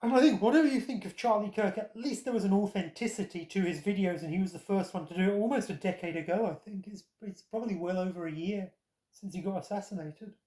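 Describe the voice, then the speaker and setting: Sleepy sarcastic vlogger rambling on, mid pitch, kinda echoey room. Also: quick pace, warm tone. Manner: wry, rambling, self-mocking asides. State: tired from lack of sleep. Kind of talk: casual sardonic commentary.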